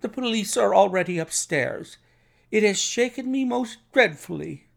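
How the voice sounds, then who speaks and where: A man's voice: animated, normal speed, creaky. A man doing a frantic, shaken doctor. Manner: high, breathless, agitated pleading.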